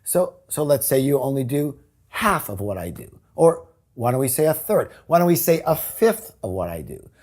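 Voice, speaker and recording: Male seminar trainer, mellow husky voice, punchy and emphatic, drills key words with the crowd. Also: mid-range voice, sing-song, normal speed. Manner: emphatic, repeats words for effect, call-and-response with audience. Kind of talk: high-energy sales pitch to a live audience.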